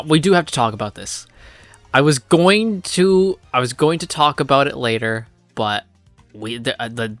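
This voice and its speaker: A man's voice: medium pitch, a bit bright, dry recording. A man giving a casual, rambling review of a comic, full of fillers and blunt swearing.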